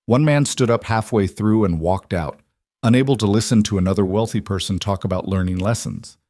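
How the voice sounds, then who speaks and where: A man narrates a scripted drama in a calm, measured cadence. His voice sits on the low side, and the recording is dry and close, with no room around it. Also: no echo. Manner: steady, measured storytelling.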